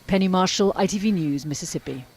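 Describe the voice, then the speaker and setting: Woman, TV reporter, formal, measured, scripted news report. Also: lowish voice, darkish tone, slightly rough.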